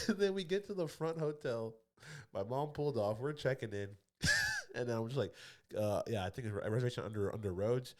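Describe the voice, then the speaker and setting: A man's voice: mid-range voice, fairly quick, darkish tone. A man co-hosting a comedy podcast, telling a rambling story with frequent laughs and restarts. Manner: rambling, laughs often, acts out others' voices. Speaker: podcast co-host. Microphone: podcast studio mic.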